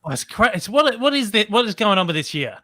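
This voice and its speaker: Australian man from Melbourne, podcast guest, bright and tense tone, dry close sound, energetic chat. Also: high-pitched, quick pace, no echo. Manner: energetic, chatty, frequent fillers. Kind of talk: casual chat.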